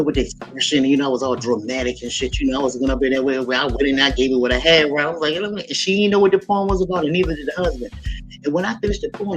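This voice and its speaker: A woman hosting a casual livestream, telling lively, laughing stories and reading out viewers' comments. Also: sits low. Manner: lively, laughing storyteller, talks straight to viewers. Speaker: livestream host. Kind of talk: casual storytelling and chat reading.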